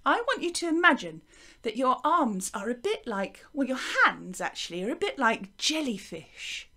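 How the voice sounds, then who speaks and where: A woman with an English accent teaching young children a music and movement lesson to camera, gentle and encouraging, chanting along with the actions. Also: high-pitched, big pitch swings, normal speed. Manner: gentle, encouraging, sing-song counting and chanting. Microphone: wearing a microphone.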